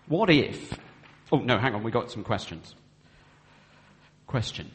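A man's voice: low voice, creaky. Man preaching in an echoing hall. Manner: earnest, acts out vows in quoted speech. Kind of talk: sermon on marriage. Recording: long hall reverb.

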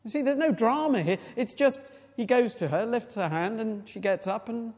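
A man's voice: sits high, moderate pace, darkish tone, in a large hall. A man preaching a sermon, explaining a Bible passage in a conversational way with rhetorical questions to the congregation.

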